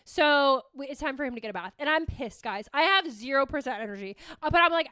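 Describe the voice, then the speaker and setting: A young woman hosting a podcast, telling a story in a casual, animated way, swearing freely and talking to listeners as "you guys.". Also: sits high, a little fast, clean tone, no echo. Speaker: podcast host.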